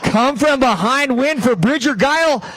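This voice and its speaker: A male color commentator with a high voice calls a live ski race. He grows more energetic through the close finishes, and his voice climbs toward a shout. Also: moderate pace.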